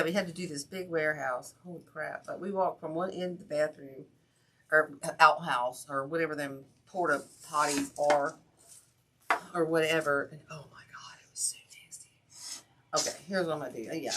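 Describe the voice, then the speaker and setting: A craft channel host runs a livestream, chatting casually and rambling as she works, with self-talk and asides to viewers. Her voice is low-pitched and a bit bright, with slight background noise.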